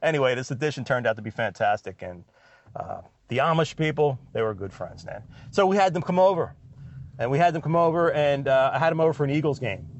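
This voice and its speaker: A man's voice: medium pitch, expressive, quick pace, muffled recording, a little hiss or hum. A middle-aged man hosting a podcast, telling rambling stories in a casual monologue and laughing at his own tales while he drives. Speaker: podcast host. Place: in a truck while driving.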